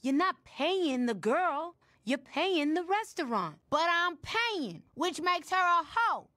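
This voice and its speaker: A woman voicing a sharp-tongued, cocky young boy in a cartoon, sounding blunt and sarcastic. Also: very high-pitched, sing-song, slow pace, dry recording, exaggerated voice. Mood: mocking. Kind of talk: cartoon voice acting.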